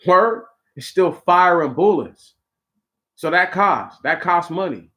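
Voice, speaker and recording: Brief: male talk host, higher-pitched voice, preachy casual monologue, slangy asides to listeners. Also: expressive, takes it slowly, sharp tone. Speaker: podcast host.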